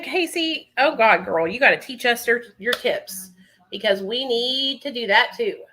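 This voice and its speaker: A woman's voice: fairly high pitch, animated, measured pace, sharp tone. A woman chatting casually with her livestream viewers from home while doing her makeup, calling them honey and baby. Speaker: livestream host.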